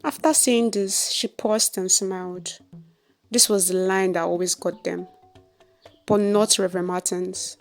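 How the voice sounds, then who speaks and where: A Nigerian woman tells a story in an expressive, dramatic narrating voice. Her pitch sits in the middle of the range. Soft music plays faintly behind her. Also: measured pace.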